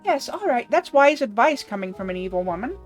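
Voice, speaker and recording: A woman's voice: fairly high pitch, big pitch swings, fairly quick, soft background music. A woman voicing a polite, timid young man who cannot read, reading game dialogue aloud. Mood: earnest. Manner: bright, polite, easily frightened.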